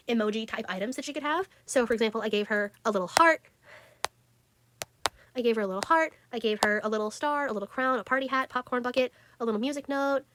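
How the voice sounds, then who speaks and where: A teenage girl chatting casually about her drawings, giggly and full of fillers. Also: a little high. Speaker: art vlogger. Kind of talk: casual chat.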